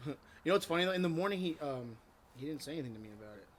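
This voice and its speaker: A young man co-hosting a podcast, tipsy, telling a prank story with loud laughs, swearing and acted-out quotes. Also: a little high, lively intonation, racing. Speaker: podcast co-host. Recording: noisy home recording.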